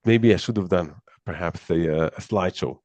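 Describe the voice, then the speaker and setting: A man's voice: sits low, brisk, darkish tone, dry recording. A man teaching a live class, explaining step by step, often repeating words and restarting sentences. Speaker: Torah teacher.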